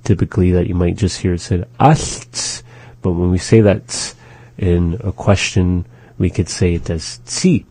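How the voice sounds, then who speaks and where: Low dark-voiced guy teaching words on a radio show, dry close sound. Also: little pitch movement, dry recording. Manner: slow, careful pronunciation drills. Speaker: language teacher and show host. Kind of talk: radio language lesson.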